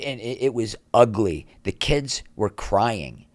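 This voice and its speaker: Speaking at a slow pace with a fairly low pitch, a middle-aged actor is recorded in studio quality with no echo. As a podcast guest, he animatedly tells candid behind-the-scenes stories and acts out what others said.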